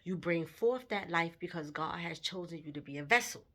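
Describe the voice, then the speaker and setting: A woman voicing her elderly grandmother, speaking softly and reassuringly, sometimes almost in a whisper. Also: fairly low pitch, lively intonation, moderate pace. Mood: tender. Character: elderly grandmother, tender and steadying.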